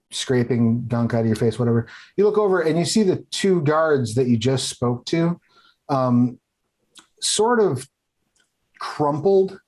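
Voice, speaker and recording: A man's voice: medium pitch, a little mellow. A man running a tabletop game as game master, narrating casually with many fillers and restarts. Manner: casual, halting, lots of fillers.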